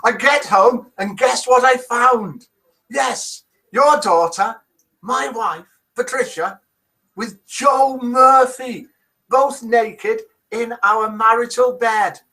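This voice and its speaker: A man putting on a furious high-pitched Irish husband. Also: slow, distant mic, exaggerated voice. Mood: outraged. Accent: attempted Irish. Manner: loud, outraged, high and strained. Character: furious Irish son-in-law, packing to leave.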